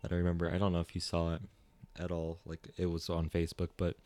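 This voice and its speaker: A man's voice: low voice, completely flat delivery, quick pace, dark tone, no room sound. A man co-hosting a podcast, chatting casually and retelling things he has watched. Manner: chatty, retells clips with quoted voices. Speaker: podcast co-host. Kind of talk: casual chat.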